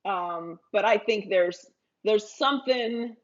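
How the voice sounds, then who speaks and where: A woman co-hosting a sports podcast, talking in a lively, opinionated way. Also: medium pitch, takes it slowly, highs cut off. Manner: animated, opinionated. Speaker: podcast co-host. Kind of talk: casual sports talk.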